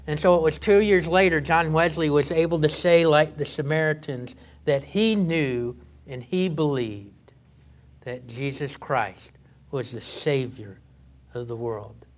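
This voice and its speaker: A male pastor preaching a sermon in an earnest way, often halting and restarting his sentences. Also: on the high side.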